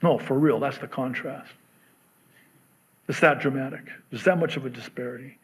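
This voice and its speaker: A man's voice: mid-range voice, normal speed, slightly rough. A middle-aged man preaching a sermon as pastor, conversational and joking, acting out the voices in his stories. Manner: conversational and joking, acts out quotes.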